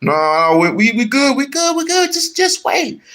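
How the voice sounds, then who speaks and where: A man voicing someone who keeps telling an injured person to wait, in a high, insistent tone. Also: big pitch swings, a little slow, very noisy, exaggerated voice. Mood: stalling.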